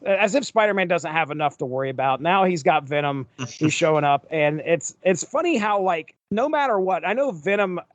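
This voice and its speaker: A man with a fairly high voice chats animatedly on a comics podcast, joking and turning to the audience as "folks." His voice is recorded close and dry, with no room sound. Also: fairly quick, few pauses, no echo, dull audio. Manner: animated, playful, addresses listeners as "folks". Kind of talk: casual chat.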